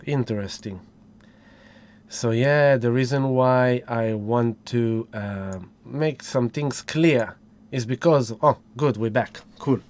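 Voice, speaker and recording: A man's voice: medium pitch, takes it slowly, a little mellow. A man hosting a casual livestream, effusive and whooping as he greets viewers one by one. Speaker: livestream host.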